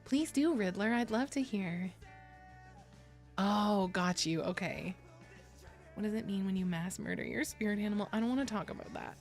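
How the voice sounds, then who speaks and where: A woman's voice: medium pitch, normal speed, pauses often, faint music behind. A young woman streamer chatting casually, rambling, swearing and laughing often. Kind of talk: casual live-stream chat.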